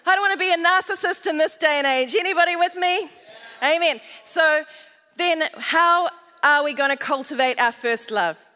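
An Australian woman pastor preaches with lively humor, turning her family stories into lessons and drawing answers from the congregation. Her voice sits high and bright, and it rings out through the long reverb of a large hall. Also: normal speed. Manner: humorous storytelling with audience call-outs. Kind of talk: sermon.

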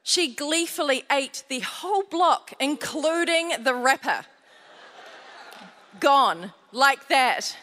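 A woman's voice: high voice, slow, few pauses, pushed and bright. A woman pastor with an Australian accent preaches a sermon, mixing scripture with funny stories from family life and calling out to the congregation. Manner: humorous storytelling with audience call-outs. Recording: long hall reverb.

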